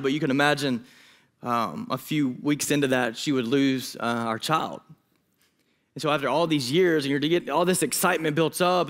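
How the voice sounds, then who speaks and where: A man in his thirties, a student pastor preaching a sermon, telling a personal story with emotion and quick asides. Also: fairly high pitch, a bit bright. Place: church hall.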